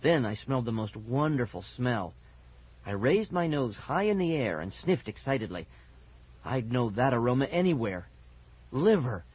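A man narrates a children's story with expressive reading. His pitch moves a great deal and his voice has a husky, breathy edge. The recording is dull and lo-fi. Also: normal speed. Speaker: audiobook narrator.

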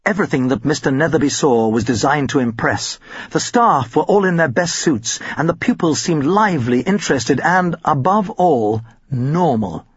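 A man narrating an audiobook in an expressive storytelling manner with a husky voice. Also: on the high side, moderate pace, no echo, muffled recording.

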